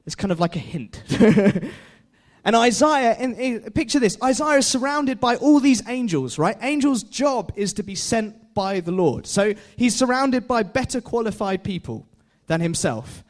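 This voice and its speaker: Young guy preaching, high voice, chatty sermon, laughs a lot and keeps asking the crowd stuff. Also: lively intonation, moderate pace. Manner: chatty, laughs often, asks the audience questions. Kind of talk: informal sermon.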